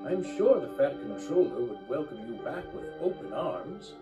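A man's voice: fairly high pitch, big pitch swings, normal speed, muffled recording, pitched above the performer's own voice. A man doing Boko, a courteous diesel engine. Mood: encouraging. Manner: courteous, eager, a little stuttering. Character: polite young male diesel engine. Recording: loud background music.

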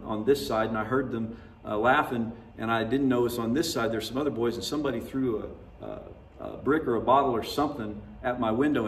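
A man preaches in a relaxed, folksy way, moving between stories and points and often laughing at himself. His mid-range voice carries from some distance off the mic. It rings through a roomy church with a faint hum of ambience behind it. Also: medium pitch. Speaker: pastor. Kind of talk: sermon. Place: church sanctuary.

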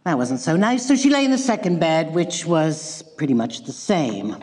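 A woman giving a public lecture, telling a tale with dry, ironic, deadpan asides. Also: deep voice, moderate pace, long reverb tail. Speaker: guest lecturer. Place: lecture hall.

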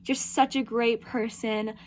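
A teenage girl pours out a farewell message, her words tumbling out as she holds back tears. Her voice sits fairly high. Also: fairly even intonation. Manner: gushing, rushed, fighting back tears. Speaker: theater student.

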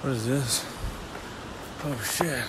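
A man vlogging on a road trip, crude and excitable, swearing constantly as he talks. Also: medium pitch, takes it slowly. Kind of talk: profane outdoor travel vlog. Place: outdoors at nature spots on a road trip. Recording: loud outdoor noise, wind and vehicles.

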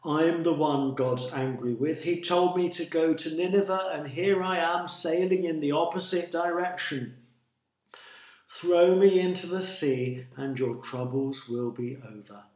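Groaning grumbling prophet, sulky, slow and drawn out, voiced by a man, echoey church. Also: a little high, a little mellow, lightly acted. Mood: resigned. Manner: groaning, complaining delivery.

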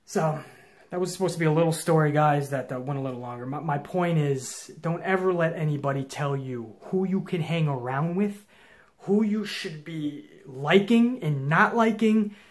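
A young man hosting his own show, telling a long story to viewers in a casual, profane, intense way that swings from low mutters to loud challenges. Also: moderate pace. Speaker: show host.

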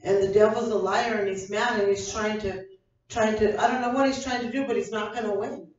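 A woman's voice: mid-range voice, fairly even intonation, a little fast, darkish tone. An older woman preaching with fervent conviction, circling back over her own words as she builds each point. Her voice carries from a distance through a heavily echoing church hall. The sound is dull and muffled. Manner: fervent, repetitive preaching with many restarts. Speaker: pastor. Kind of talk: evening sermon. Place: church sanctuary.

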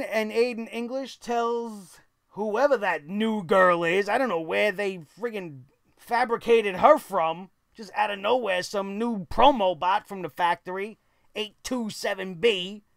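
Blunt, high-voiced male show reviewer. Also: clear, resonant tone, no echo, clean studio sound. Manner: blunt, opinionated, swears casually. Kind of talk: casual commentary monologue.

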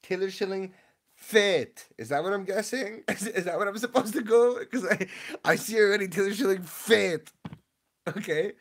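A man's voice: high voice, moderate pace, fairly bright tone. A young man live-streaming, reading his chat and opening card packs, confused and laughing, often repeating himself.

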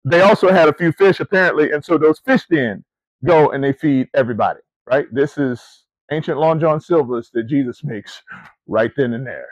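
A middle-aged man preaching a sermon in an animated, conversational storytelling style, calling his listeners family and y'all, with rising emphatic questions. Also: a little high, moderate pace, dry recording, low-quality recording. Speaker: preacher and camp ministry CEO. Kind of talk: sermon to student athletes.

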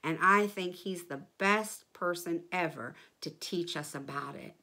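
A woman's voice: fairly low pitch, unhurried, pushed and bright. A woman leading a children's church lesson, speaking in an encouraging way to kids.

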